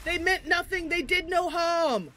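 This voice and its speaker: A woman voicing an earnest male adventurer who shouts his words out slowly. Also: very high-pitched, slight background noise, pitched above the performer's own voice, exaggerated voice. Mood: indignant. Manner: drawn-out shouting.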